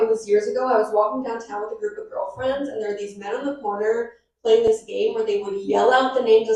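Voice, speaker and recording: A young woman on a benefit stage, telling comic stories in a chatty, self-mocking way. Her voice sits a touch high. It rings through a very echoey hall, picked up from well away from the mic. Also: a little mellow, far from the mic. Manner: chatty, self-mocking, laughs at own jokes. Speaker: stand-up comic. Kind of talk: stand-up comedy set.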